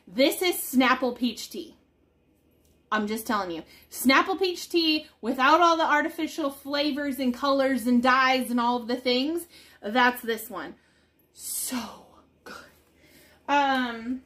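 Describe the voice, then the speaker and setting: A woman chatting casually and excitedly while showing off products, bubbly and rambling. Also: sits high. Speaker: product seller.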